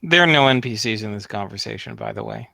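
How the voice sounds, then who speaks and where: Gravelly-voiced playful game master. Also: male voice, on the low side, animated, quick pace, pushed and bright, dry recording, clean studio sound. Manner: playful and teasing. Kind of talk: narrating and running a tabletop game.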